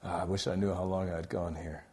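A young adult man delivering a sermon with lively, shifting energy. He bursts out loudly on key points, then drops to a hushed, almost whispered tone. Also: low voice, a little fast. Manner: animated, swings from loud exclaiming to quiet near-whisper. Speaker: preacher.

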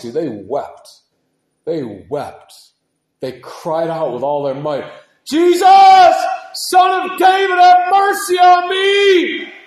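A man preaching a sermon with passion, moving from hushed, heavy passages to loud, urgent ones, and dropping casual words like dude and man. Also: a little high, reverberant. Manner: impassioned, swings from hushed to shouting.

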